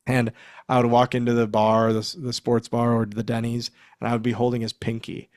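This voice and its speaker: A man's voice: mid-range voice, fairly quick, dry recording, clean studio sound. A man in his forties, a former wrestler, telling backstage stories in a casual interview, acting out quotes and laughing often. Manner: animated storyteller, acts out quotes, laughs often.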